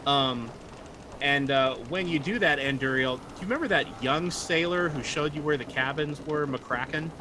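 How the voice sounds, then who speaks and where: A man's voice: a little high, moderate pace, noisy background. A man narrating a tabletop game as game master, chatty and joking, describing the scene and what the characters do. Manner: chatty, joking, voices sailors briefly.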